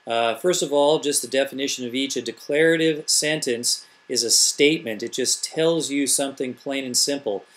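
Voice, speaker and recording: Man, middle-aged teacher, patient step-by-step explainer, rhetorical questions, mid-pitched voice. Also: fairly bright tone. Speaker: elementary school teacher. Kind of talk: classroom grammar tutorial.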